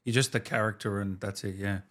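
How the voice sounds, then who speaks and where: A man hosting a podcast interview, asking quick, eager questions and laughing along with his guest. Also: fairly low pitch, fairly even intonation, a bit bright. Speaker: podcast host. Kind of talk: casual interview.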